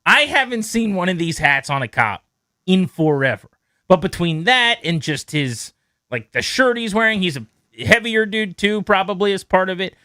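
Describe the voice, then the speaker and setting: A man hosting a sports radio show, telling a story in a lively, animated way and acting out the quotes in it. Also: sits high, moderate pace, no echo, studio quality. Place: radio studio. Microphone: studio mic.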